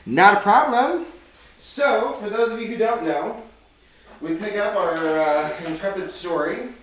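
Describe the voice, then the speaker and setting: A man's voice: sits high, measured pace, crowd noise. A man acting as dungeon master who hosts and narrates a tabletop game like an announcer and laughs often. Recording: echoey room, from far off.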